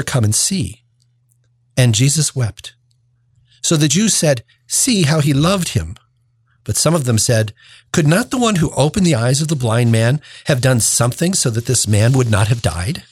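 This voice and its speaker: Earnest preacher with a husky voice. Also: male voice, mid-range voice, no room sound. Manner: earnest, with frequent restarts. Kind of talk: gospel reading and homily.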